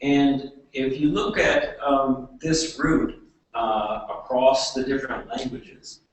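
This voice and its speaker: A man giving a classroom lecture, talking haltingly with many fillers and restarts. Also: medium pitch. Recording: echoey room, voice from far off.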